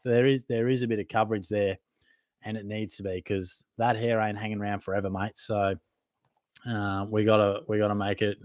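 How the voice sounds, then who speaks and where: His voice sits on the low side and is a little mellow, captured in clean studio sound without echo. He's a young Australian hosting a fantasy football podcast's live Q&A, working through viewer comments casually and matily, often laughing at his own expense.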